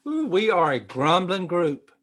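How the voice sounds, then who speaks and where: Male pastor mid-sermon, slightly high voice, slow and emphatic delivery, repeats phrases. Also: sing-song, a bit bright. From United States.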